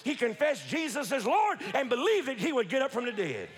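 Emphatic high-pitched preacher man, echoey church. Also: wildly swooping pitch, a little hiss or hum. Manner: emphatic, repetitive, leads the congregation in call-and-response; quick rhetorical questions and restarts. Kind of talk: sermon. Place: church sanctuary. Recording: reverberant church hall.

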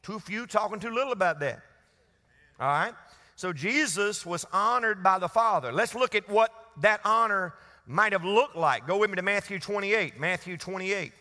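A man's voice: high-pitched, lively intonation, moderate pace, sharp tone. A man preaching a sermon to a congregation, leading call-and-response. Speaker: pastor. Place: church hall. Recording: long church reverb.

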